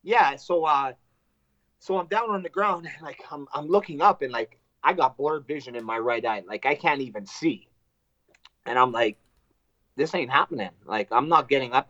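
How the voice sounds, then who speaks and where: A man's voice: medium pitch, no room sound, highs cut off. Profane storytelling fighter, man. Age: adult with wife and two kids. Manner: animated, profane, acts out quotes. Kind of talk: casual storytelling.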